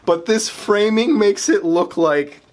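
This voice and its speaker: A man's voice: sits high, expressive, takes it slowly. A young man casually commenting on his old student film in a rambling, self-mocking way. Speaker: filmmaker reacting to his old films.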